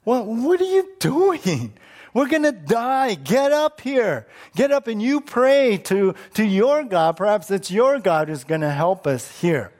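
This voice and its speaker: A man's voice: high voice, sing-song, slow, hardly any pauses, pitched above the performer's own voice, full character voice. A man voicing a frightened, upset ship captain who urgently wakes a sleeping passenger. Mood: alarmed. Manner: shouting, urgent, pleading.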